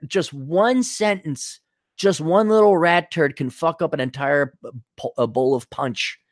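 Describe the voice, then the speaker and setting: A podcast host talks alone in a dry, studio-quality recording, his male voice pitched on the high side. He rants bluntly and with scorn, swearing a lot, drifting into tangents and restarting sentences in a loose, digressive way.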